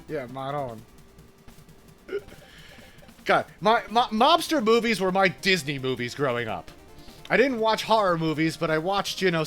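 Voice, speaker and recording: A New York man with an Italian-American accent streams a game, chatting casually and laughing along the way. His voice is on the high side, with a fairly bright tone.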